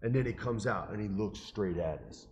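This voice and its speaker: Middle-aged man, deep low voice, animated storytelling, faint background noise. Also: normal speed. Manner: animated, emotional, quotes people in his stories. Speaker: guest telling a story. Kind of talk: casual storytelling chat.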